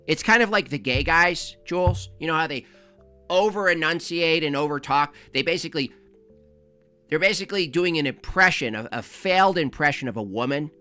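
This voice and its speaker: A man's voice: a little high, lively intonation, normal speed, bright, forceful tone, soft background music. A man hosting a livestream, giving sarcastic, rambling comic commentary. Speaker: livestream host. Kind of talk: comedic live commentary.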